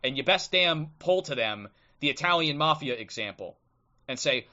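A man's voice: fairly high pitch, expressive, moderate pace, pushed and bright, lo-fi sound. A man hosting a livestream, talking bluntly and combatively, often tagging "okay?", then reading aloud from a book. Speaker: livestream host. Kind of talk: ranting live commentary and book reading. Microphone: streaming microphone.

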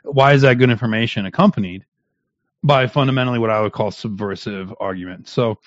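A man, a guest on a livestream, giving heated, mocking commentary in an animated rant. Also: on the low side, brisk, dry recording, muffled recording.

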